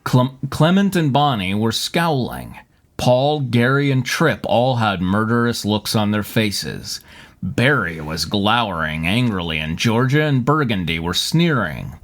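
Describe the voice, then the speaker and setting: Animated man reading fanfiction aloud. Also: fairly low pitch, measured pace. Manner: lively, laughing, mock-dramatic. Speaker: podcast host and reader.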